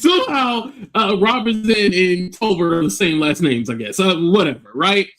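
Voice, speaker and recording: A man casually retelling an online drama as a commentary host, animated and often acting out the voices of the people he quotes. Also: high voice, moderate pace.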